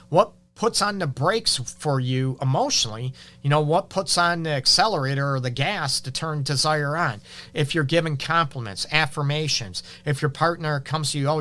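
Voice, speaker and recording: A man's voice: medium pitch, bright, forceful tone. A man with a Detroit accent hosting a relationship advice show, talking frankly and conversationally with many fillers. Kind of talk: casual advice talk.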